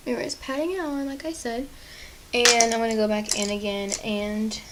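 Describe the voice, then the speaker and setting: A woman's voice: a little high, fairly even intonation, moderate pace, heavy background noise. A young woman chatting casually through a makeup tutorial at home, apologetic and self-deprecating. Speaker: beauty vlogger.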